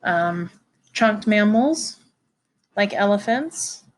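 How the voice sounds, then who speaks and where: Slow, hesitant woman lecturing biology. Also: mid-range voice, lively intonation, poor audio. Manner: halting, many fillers and restarts; informal, addresses students directly. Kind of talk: recorded classroom lecture.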